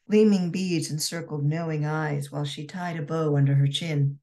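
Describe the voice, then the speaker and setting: Woman author, low pitch, steady measured narration, romance novel reading.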